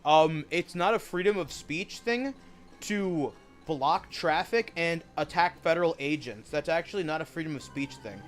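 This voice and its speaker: A man's voice: on the high side, lively intonation, normal speed, faint music behind. Rambling, opinionated young man streaming a game. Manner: rambling, opinionated, swears freely. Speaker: gaming streamer. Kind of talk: casual gameplay commentary.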